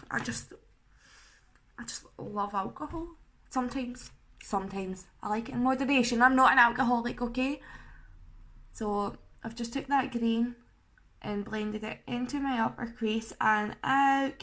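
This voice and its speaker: Bright, chatty young woman. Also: fairly high pitch. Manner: chatty, self-mocking, swears, laughs at herself. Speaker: makeup vlogger. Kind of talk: casual makeup tutorial chat.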